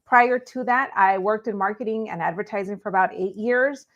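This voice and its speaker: A woman's voice: medium pitch, normal speed, fairly bright tone, lo-fi sound. Upbeat woman guest from California. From Los Angeles, California. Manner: upbeat, chatty. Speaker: guest, real estate agent. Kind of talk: casual interview chat.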